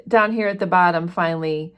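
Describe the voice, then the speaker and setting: Chatty woman with a lower voice. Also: fairly quick, clean tone. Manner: chatty, paraphrases with frequent fillers. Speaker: book discussion host. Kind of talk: casual chapter-by-chapter book commentary.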